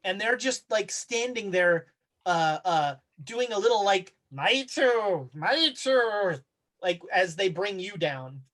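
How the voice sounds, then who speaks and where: A man's voice: high voice, animated, unhurried, a bit bright. A man running a tabletop horror game, narrating scenes casually with many fillers and restarts. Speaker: game master.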